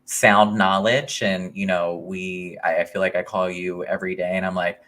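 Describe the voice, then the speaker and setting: Brief: male podcast co-host, low-ish bright voice, teasing jokes. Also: little pitch movement, normal speed. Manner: teasing, joking interjections. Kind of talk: casual chat.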